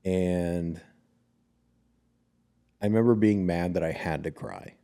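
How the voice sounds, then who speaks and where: Low, mellow-voiced man telling a story. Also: slow. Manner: recounts a dream, acts out family quotes, swears freely. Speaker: podcast co-host. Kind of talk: casual storytelling chat.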